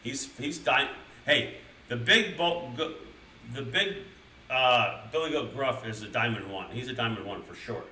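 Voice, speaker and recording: Expressive and measured, a man with a sharp, medium-pitched voice reads a kids' picture book aloud for his chat, peppering it with profanity and gamer-slang riffs in a crude, rambling way. He's far from the mic as he moves around, and the roomy echo carries a little hiss or hum.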